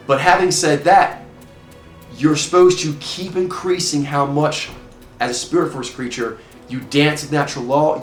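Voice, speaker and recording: Man with a higher voice, rambling explainer. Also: reverberant. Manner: rambling, with restarts and quick asides. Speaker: teacher of a personality system. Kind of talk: casual explanatory talk.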